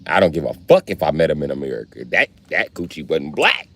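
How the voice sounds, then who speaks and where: A man's voice: a bass voice, sing-song, a little fast, fairly bright tone. A young man live-streaming, chatting casually and profanely with his viewers in a loose, rambling way. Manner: rambling, profane, talks straight to chat. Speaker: livestreamer.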